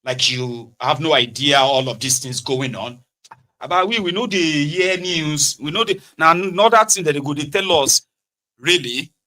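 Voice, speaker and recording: A Nigerian man with a Yoruba-inflected accent offers animated political commentary, moving between Pidgin, Yoruba, and English and mockingly mimicking people. His voice is a little high, at a normal speed.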